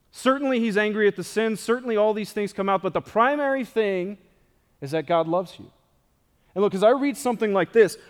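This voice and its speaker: A man preaching a sermon as pastor, moving from scripture reading into a conversational, animated talk with asides. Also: high voice, big-room sound.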